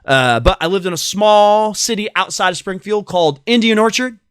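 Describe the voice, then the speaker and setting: A man's voice: high voice, normal speed, a bit bright, smooth, no room sound, clean studio sound. A man from Massachusetts hosting a casual podcast chat, playful and chatty, laughing often and rambling with fillers. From Massachusetts, USA. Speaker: podcast host.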